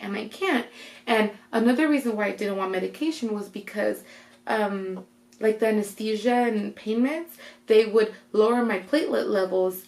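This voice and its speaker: A woman's voice: mid-range voice, creaky, reverberant. A young woman, casually telling her birth story in a vlog, saying "like" a lot and quoting herself. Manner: chatty, heavy use of "like" and "I'm like" to quote herself. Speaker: vlogger.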